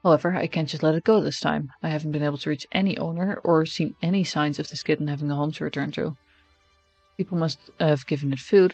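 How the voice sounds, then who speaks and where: A man's voice: on the high side, no room sound, lo-fi sound. A man streaming, reading a text game aloud in first person with casual, wry asides. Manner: casual, wry asides between narrated lines.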